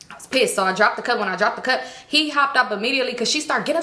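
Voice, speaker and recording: A woman telling a personal story in a casual vlog, animated and full of profanity. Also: fairly high pitch, very fast. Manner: heavy cursing, animated retelling. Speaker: storytime vlogger. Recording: roomy echo.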